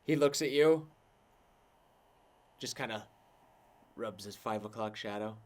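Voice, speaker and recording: A man's voice: lowish voice, measured pace, a little mellow. Guy running a tabletop game, rambly, says like a lot. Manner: rambling, lots of "like". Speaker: game master.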